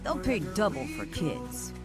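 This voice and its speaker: A woman narrator voicing a smug, cruel male outlaw gang boss who speaks with a slow, calm, taunting drawl. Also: medium pitch, over music, pitched above the performer's own voice. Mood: menacing.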